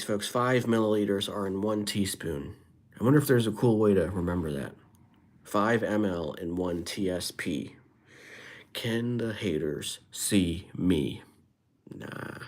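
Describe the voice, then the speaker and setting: A man chatting casually on a live stream, playfully rhyming and dropping into whispers. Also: fairly low pitch. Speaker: livestreamer. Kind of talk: casual live-stream chat with freestyle rhymes.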